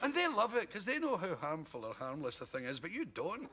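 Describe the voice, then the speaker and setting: A Scottish man with a slightly high, very lively voice tells funny touring stories, breaking into laughs and little impressions. The old broadcast recording carries a clear hiss under him. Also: a little fast. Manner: lively storytelling, mimics people, laughs often. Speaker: comedian guest. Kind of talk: talk show anecdotes. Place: television studio with audience. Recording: noisy 1981 broadcast recording.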